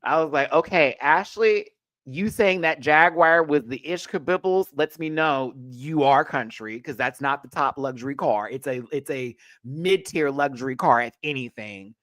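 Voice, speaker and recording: A man's voice: fairly high pitch, moderate pace, fairly bright tone, no room sound. A man hosting a casual pop culture rant show, chatty, sassy and profane, full of asides.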